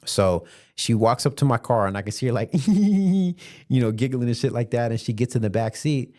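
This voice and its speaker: In a casual storytelling monologue, this man, a podcast host who also drives rideshare, recounts a ride in slangy, chatty fashion and laughs along. He speaks at normal speed with a mellow, expressive, medium-pitched voice.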